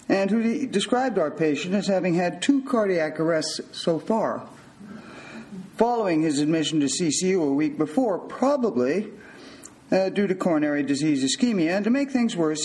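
An older man with a fairly high-pitched voice tells a personal story from his medical training. He paces it in a measured way, with a dry, wry touch. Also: a little mellow, rough recording. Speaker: physician telling a story.

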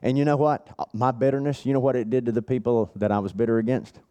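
A middle-aged man preaching at a men's retreat, telling a personal story with earnest repetition, dropping his voice low and then building it back up. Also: fairly even intonation, fast, mellow, smooth. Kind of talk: sermon.

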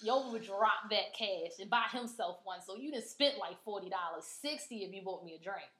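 A woman's voice: medium pitch, normal speed. A woman podcast host telling a personal story in casual chat, frank and full of swearing. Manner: frank, profane and animated. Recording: roomy echo.

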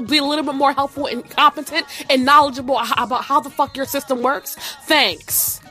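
A woman telling a story in a casual, profane, animated rant, with sassy asides. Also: sits high, fairly quick, few pauses, soft background music.

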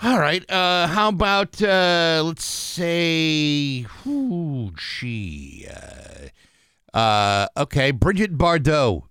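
A man's voice: a little high, sing-song, drawn-out words, fairly bright tone, clean tone, no room sound, studio quality. A middle-aged man in casual chat as co-host, rambling with many fillers and restarts.

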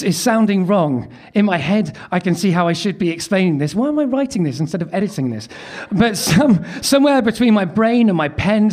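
Male stand-up, higher-pitched, dry self-deprecating delivery. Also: a little mellow. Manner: self-mocking, wry asides. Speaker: comedian. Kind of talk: stand-up reading his teenage love letter.

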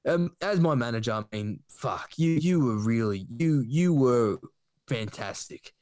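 A man's voice: mid-range voice, expressive, a little slow, darkish tone, no room sound, studio quality, pitched below the performer's own voice, close to an everyday voice. A man doing a drawling Australian ex-footballer. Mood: smug. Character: impression of a boastful ex-footballer podcast host.

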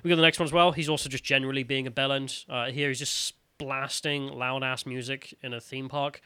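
A man's voice: medium pitch, fairly even intonation, brisk, pushed and bright, clear, resonant tone, no room sound. A man co-hosting a podcast, giving sardonic, mocking commentary on news stories and sometimes putting on voices to quote people. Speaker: podcast co-host. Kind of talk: casual news commentary chat.

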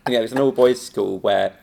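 A mid-range, gravelly voice with an edge of vocal fry belongs to an improv teacher telling a long anecdote in a relaxed interview. His storytelling is animated and casual, punctuated by frequent laughter and leaps into quoted voices.

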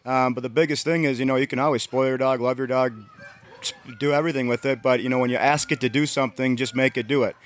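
A man who trains dogs, explaining training steps in a steady, matter-of-fact way with many ums. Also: mid-range voice. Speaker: dog trainer. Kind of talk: casual explanation.

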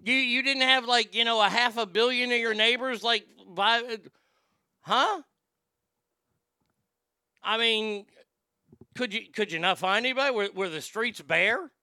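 Guy streaming, high bright smooth voice, stammers and restarts a lot, mocking, dry close mic. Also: a little slow, pauses often, no room sound. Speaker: livestream host. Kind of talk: casual commentary.

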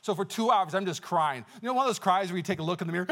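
Male pastor, quick, high voice, energetic storytelling sermon. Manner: energetic, personal storytelling with exclamations; conversational with many fillers and restarts.

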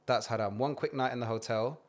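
A man's voice: mid-range voice, fairly quick. A man, co-hosting a podcast in casual, sardonic banter full of dry asides. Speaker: podcast co-host.

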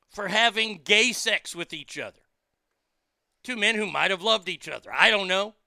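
A man hosting his own commentary show in a fairly high, gravelly voice. He rants with sarcasm and frequent swearing, stacking repeated words when he gets heated. His tone is bright and sharp and the sound is smooth and clear. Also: dry recording, studio quality. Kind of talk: ranting political commentary.

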